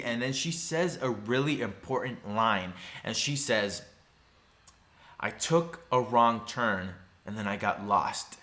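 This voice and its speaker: A man casually recapping a TV episode, chatty and filled with "you know" asides, sometimes acting out the characters' lines. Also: medium pitch. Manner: acts out character lines in animated voices. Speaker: TV recap vlogger.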